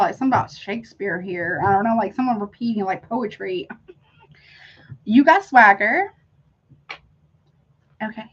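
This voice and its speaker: A woman's voice: medium pitch, slightly rough, highs cut off. A middle-aged woman hosting a casual live-stream tarot reading, effusive and chatty, calling her viewers honey and y'all.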